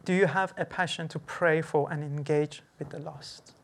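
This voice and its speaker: An earnest, gently pleading preacher giving a church sermon and leading a closing prayer. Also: medium pitch, steady tone, moderate pace, vocal fry. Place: church service.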